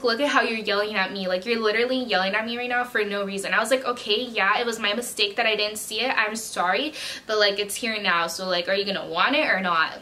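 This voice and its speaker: A woman's voice: medium pitch, sharp tone, slight background noise. Chatty young woman telling a story. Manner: chatty slangy storytelling, acting out quoted customers. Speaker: vlogger and retail worker. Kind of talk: casual storytime chat.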